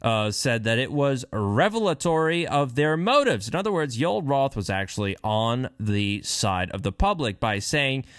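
A man's voice: mid-range voice, sing-song, moderate pace, few pauses, a bit bright, smooth, dry recording, studio quality. A man giving heated, sarcastic political commentary while reading and remarking on news.

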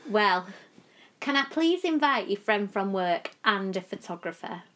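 A woman's voice: mid-range voice, animated, a little slow, pushed and bright. A woman, co-hosting a podcast in playful, giggly casual chat. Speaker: podcast co-host. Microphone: podcast mic with headphones.

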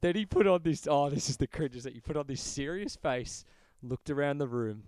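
Animated man telling a story. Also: a little high, moderate pace, smooth, no echo. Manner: animated, exasperated storyteller who swears and acts out quotes. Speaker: paramedic telling a work story. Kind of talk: casual podcast chat, storytelling.

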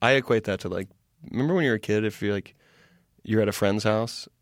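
A man in his thirties, a stand-up comedian guest, telling stories in a casual, animated way. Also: fairly low pitch, no echo, clean studio sound. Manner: animated, quick storytelling with laughs. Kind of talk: casual interview chat.

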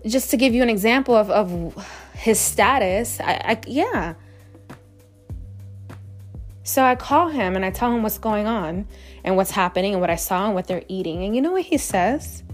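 A woman host telling a personal story in a candid, chatty way, with frequent swearing. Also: mid-range voice. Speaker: podcast host. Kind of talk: casual storytelling monologue.

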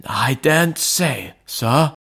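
A man voicing a frightened, anxious butler who speaks in a strained, pleading, hoarse way. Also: mid-range voice, lively intonation, takes it slowly, a bit bright, voice pushed up, exaggerated voice. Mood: fearful. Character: frightened male butler, middle-aged, anxious and dogged.

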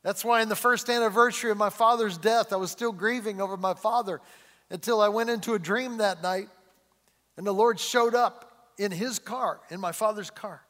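A middle-aged male pastor preaching a sermon in a church in a chatty way, chuckling often and slowing down to stress key words. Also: sits high, a bit bright. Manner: conversational preaching, chuckles often, slows and rises for emphasis. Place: church sanctuary. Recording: long hall reverb.

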